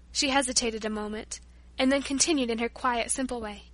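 A woman reading a story aloud as scripted narration, with a steady, measured delivery. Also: on the high side, no echo.

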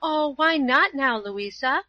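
A woman reading a storybook, voicing a kind, pious young woman who speaks earnestly and pleads gently. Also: on the high side, expressive, unhurried, no room sound, muffled recording. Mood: earnest, pleading.

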